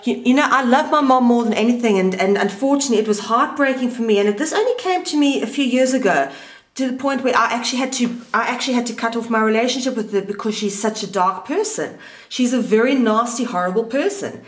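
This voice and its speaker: A woman's voice: fairly high pitch, fast, roomy sound. A woman interviewing an old school friend in a casual, candid chat, swearing freely and mimicking voices.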